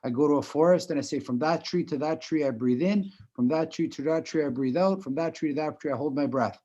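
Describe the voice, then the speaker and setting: A man's voice: a little high, brisk, warm tone, highs cut off. A man leading a live online breathing class, talking conversationally and often checking in with "right?". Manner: conversational, repeats "right?" often, chuckles while explaining. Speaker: breathing instructor. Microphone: video call.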